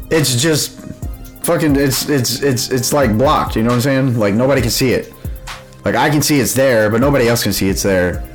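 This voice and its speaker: Young dude ranting on his show, loud and blunt, swears a lot, mid pitch, soft music behind. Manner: profane, blunt, loud, laughs often. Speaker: podcast host. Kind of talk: casual ranting monologue.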